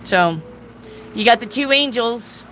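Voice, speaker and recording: A woman's voice: fairly high pitch, animated, slow, a bit bright, a little hiss or hum, poor audio. A woman hosting a live tarot reading and answering viewers' questions in a blunt, casual way, with some swearing. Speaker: tarot reader.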